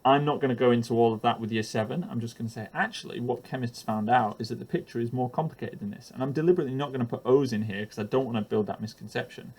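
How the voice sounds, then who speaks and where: A man's voice: medium pitch, quick pace, hardly any pauses, a little mellow, husky. A man explaining a chemistry lesson for teachers while drawing, hesitant with frequent ums and uhs and the odd self-deprecating aside.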